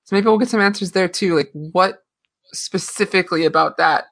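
A woman co-hosting a casual podcast discussion, retelling scenes in an animated way and acting out quotes. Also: fairly low pitch, moderate pace. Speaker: podcast co-host.

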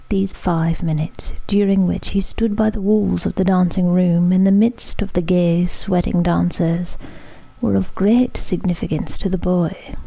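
Female storybook reader, soft hushed narration, dark mellow tone. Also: medium pitch, gravelly, husky. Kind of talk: storybook reading aloud.

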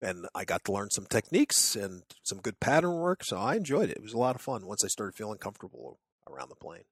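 A man telling stories in casual chat, lively and full of restarts, acting out what others shouted. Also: on the low side, fast talker, slightly rough, no room sound, clean studio sound. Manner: animated storyteller, acts out crowd shouts.

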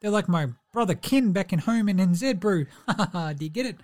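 A man doing a comic impression of a laid-back, cheerful, slow-witted New basketball player, with a drawl, tagging every line with "Brew" and "eh". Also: high voice, lively intonation. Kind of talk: comedy impression sketch.

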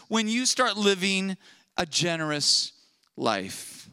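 A middle-aged pastor delivers a sermon in a bright, forward voice that sits a little high for a man. He tells his story with animation and acts out the conversations as he goes. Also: moderate pace, no room sound. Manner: animated storytelling, acting out dialogue.

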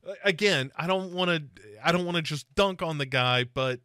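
A man hosting a casual movie podcast, his voice bright and forward. He rambles and restarts, padding his talk with fillers. The sound is dry and close, with no room around it. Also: a little high, normal speed, few pauses, dry recording. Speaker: podcast host.

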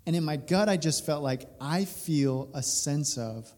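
A man in his thirties, a pastor, telling a personal story during a sermon, animated and laughing through it. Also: on the high side, unhurried, few pauses. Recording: reverberant hall.

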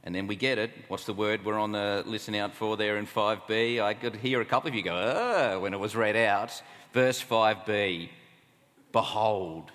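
A man's voice: on the low side, steady tone, normal speed, few pauses, fairly bright tone. A man with an Australian accent preaching a sermon at a camp, conversational and full of rhetorical questions. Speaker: camp speaker. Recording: long hall reverb.

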